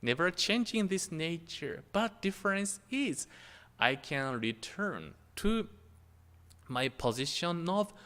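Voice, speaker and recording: A minister giving a dharma talk, speaking in halting, searching phrases. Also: male voice, mid-range voice, fairly bright tone, clean tone. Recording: temple hall reverb.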